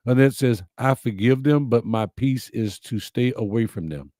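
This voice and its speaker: A man's voice: medium pitch, moderate pace, mellow, no echo, studio quality. A middle-aged man, hosting a livestream, reading viewer comments and answering them in a folksy, heartfelt, preacherly way. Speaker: host of a live-streamed message show.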